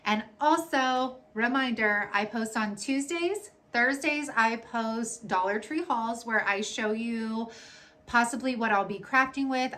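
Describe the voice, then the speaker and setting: A woman's voice: a little high, fairly bright tone. A young woman host of a craft channel, narrating a do-it-yourself tutorial in a chatty, rambling way, full of "like" and "y'all". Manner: bubbly, rambling, lots of "like" and "y'all".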